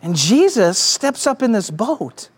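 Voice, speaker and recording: A pastor preaching a sermon with emphatic delivery and rhetorical questions, swinging from raised to hushed. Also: medium pitch, very animated, unhurried, breathy edge. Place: church stage with slides behind.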